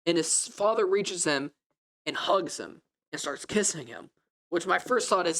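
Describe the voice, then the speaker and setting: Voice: medium pitch, animated, a little slow, fairly bright tone. A young adult student preaching a sermon in a classroom, telling the story in a casual, conversational way with fillers.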